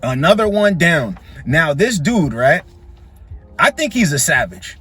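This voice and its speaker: A man's voice: a little high, very animated, measured pace, a bit bright, breathy edge, faint music behind. A man hosting dating commentary, reacting to clips in a blunt, opinionated way with emphatic repetition.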